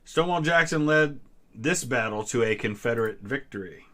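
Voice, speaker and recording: Bright-voiced man hosting a trivia stream. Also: mid-range voice, normal speed. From Ohio, US Midwest. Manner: relaxed, answers chat questions with small hesitations. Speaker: history channel host. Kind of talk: casual live-stream trivia chat.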